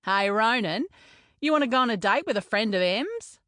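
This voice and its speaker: A woman's voice: on the high side, lively intonation, moderate pace, a bit bright, dry recording, studio quality, voice pushed up. A woman doing a cheeky teasing rugby lad. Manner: teasing, upbeat. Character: cheeky male rugby teammate.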